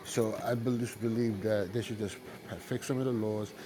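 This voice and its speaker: Low-voiced Brooklyn caller on a noisy line. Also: male voice, steady tone, moderate pace. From Brooklyn, New York. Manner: hesitant, many fillers and restarts, apologetic.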